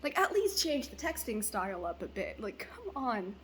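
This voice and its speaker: Young woman vlogger, slightly high voice, blunt and profane rant. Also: big pitch swings, normal speed, a little hiss or hum. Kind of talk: casual venting vlog.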